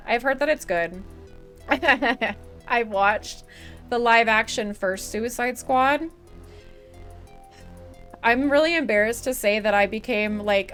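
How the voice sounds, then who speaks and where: A young woman with a medium-pitched, fairly bright voice chats casually with her live stream chat. She swears and laughs often, and her voice is starting to give out.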